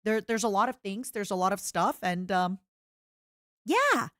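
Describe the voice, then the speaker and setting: A woman streamer chatting casually with her viewers, rambling and animated, often restarting her sentences. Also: mid-range voice, unhurried, no room sound, clean studio sound. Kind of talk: casual livestream chat.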